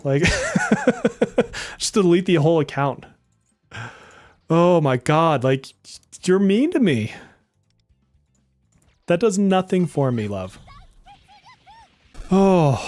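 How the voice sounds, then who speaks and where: Speaking with a slightly high, darkish voice and no echo, a man live-streams a game and addresses his chat viewers directly. He jokes, gets exasperated, and swears and laughs often.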